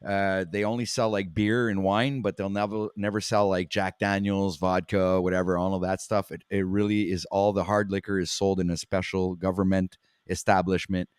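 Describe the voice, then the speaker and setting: A man's voice: deep voice, little pitch movement, moderate pace, clean tone, dry recording, clean studio sound. A man with a Quebec Canadian accent in casual chat, laughing often and stumbling over his words.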